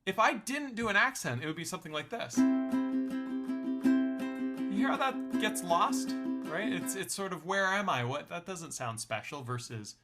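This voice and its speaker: A man's voice: high-pitched, big pitch swings, normal speed, loud music behind the voice. A young man teaching a ukulele lesson in a friendly, explanatory way, counting beats aloud. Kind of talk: online music lesson.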